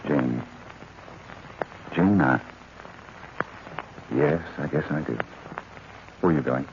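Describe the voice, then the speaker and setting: An actor playing a brooding, secretive gentleman of the house, with a low, earnest 1940s radio-acting delivery. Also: slow, vocal fry, exaggerated voice. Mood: tender. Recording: muffled, hissy old radio recording.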